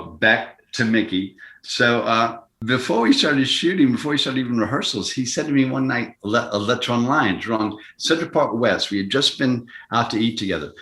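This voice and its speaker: An older man, an actor guest on an interview show, telling a story with halting restarts and acting out the people he quotes in higher, louder voices. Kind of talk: anecdotal storytelling. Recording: roomy echo.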